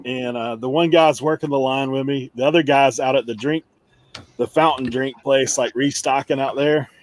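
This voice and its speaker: A man's voice: mid-range voice, fairly even intonation, moderate pace. A man chatting casually on a live stream, telling a long laid-back anecdote and laughing along the way. He comes from the United States. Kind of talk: casual chat, storytelling.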